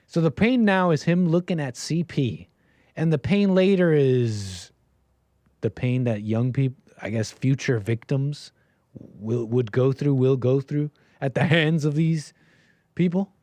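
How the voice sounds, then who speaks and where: A man hosting a livestream, ranting in commentary style with animated bursts and lots of restarts. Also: medium pitch, dry recording. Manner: animated, rapid restarts, sudden loud bursts. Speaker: livestream host.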